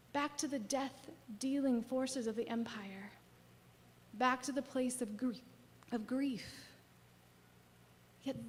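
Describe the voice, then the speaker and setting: Woman pastor, somewhat high voice, expressive sermon storyteller who goes from lively to hushed, long church reverb. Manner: expressive, swings from lively to soft near-whisper. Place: church sanctuary.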